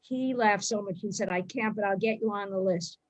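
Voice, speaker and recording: A woman's voice: medium pitch, normal speed. Brash rambling woman doing stand-up. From the Bronx. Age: 40s. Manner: brash, rambling, blunt storytelling. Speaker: stand-up comic. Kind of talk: stand-up set on a video call. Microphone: video call.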